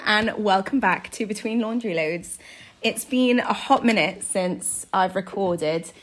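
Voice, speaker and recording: A woman, hosting a podcast in a casual, bubbly way that is quick to laugh. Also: fairly low pitch. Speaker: podcast host. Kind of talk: casual chat.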